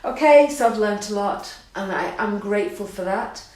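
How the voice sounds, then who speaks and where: A middle-aged woman talks straight to her listeners in a reflective, heartfelt way. Her voice sits at an ordinary pitch. It rings heavily around a bare, echoey room. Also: animated, normal speed, a little mellow. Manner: reflective, earnest, laughing and emotional at times. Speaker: art course host. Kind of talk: personal talk to camera.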